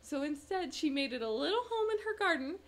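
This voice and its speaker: A woman's voice: high-pitched, sing-song, fairly quick. A woman co-hosting a casual podcast, reading out news stories and giggling often. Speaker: podcast co-host. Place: small room at a table.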